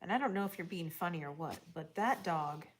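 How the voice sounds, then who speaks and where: A woman's voice: lowish voice, fairly quick, slight background noise. A woman livestreaming casually outdoors, reading chat and talking to viewers, often dropping into whispers and bursting into laughs. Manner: chatty, drops to whispers and laughs.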